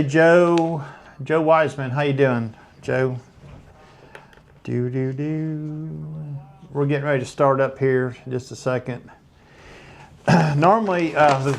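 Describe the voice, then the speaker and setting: An older man from East Tennessee with a Southern American accent, hosting a casual live stream from his home studio in a folksy, rambling way. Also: medium pitch. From East Tennessee, USA. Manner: folksy, rambling, unhurried asides.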